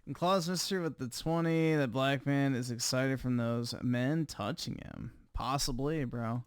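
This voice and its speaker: A man's voice: mid-range voice, measured pace, smooth, no room sound, clean studio sound. A male livestream host giving crude, mocking reaction commentary.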